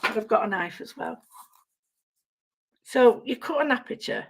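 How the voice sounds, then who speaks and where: A middle-aged woman demonstrating a craft on a live stream, chatting and mocking herself as she works, her voice going hoarse. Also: a little high, lively intonation, a little slow, background noise. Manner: chatty, self-mocking, talks to herself while working.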